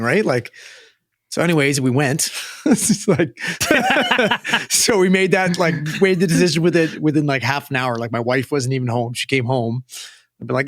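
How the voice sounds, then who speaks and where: A young Western Canadian man co-hosting a podcast tells a rambling, sweary story during a casual chat, recorded on a close mic with no room sound. His fairly high voice is expressive and a bit bright, moving at a moderate pace.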